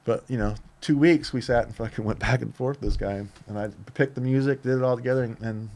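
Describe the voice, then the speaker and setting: A man's voice: medium pitch, fast talker, darkish tone. A man in his fifties from Southern California, a podcast guest telling casual, profane stories full of restarts. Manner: loose and profane, with many restarts. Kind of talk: casual storytelling.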